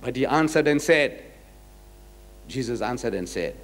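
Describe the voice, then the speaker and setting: A man giving a public lecture on scripture, emphatic, asking rhetorical questions and swinging between loud and quiet. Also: mid-range voice, expressive, measured pace, long pauses. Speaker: religious lecturer. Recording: reverberant lecture hall.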